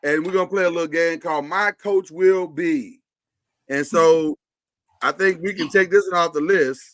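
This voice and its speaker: Opinionated bright-voiced male sports host. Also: fairly high pitch, normal speed, no room sound. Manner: chatty, opinionated, runs the segments. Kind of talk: casual sports talk.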